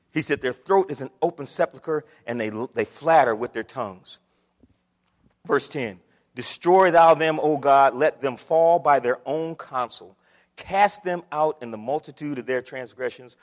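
A man preaching a sermon as pastor, moving from steady scripture reading to loud, shouted passages. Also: medium pitch, in a large hall.

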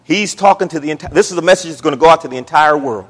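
A man from the United States preaching a sermon, emphatic, swinging between loud and hushed. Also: fairly high pitch, rapid-fire. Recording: reverberant hall.

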